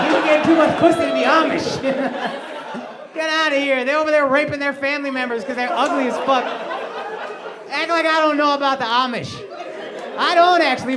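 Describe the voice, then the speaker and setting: A male stand-up comedian doing crowd work on a club stage, brash and profane as he mocks people in the audience. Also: very high voice. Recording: loud crowd laughter, noisy live club.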